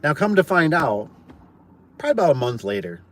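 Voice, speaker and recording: A man's voice: a little high, sing-song, a little fast, fairly bright tone. A man who runs a garage door business, telling a work story in a casual, chatty way and often adding "like" and "right?". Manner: chatty, tosses in "like" and "right?", acts out quoted voices.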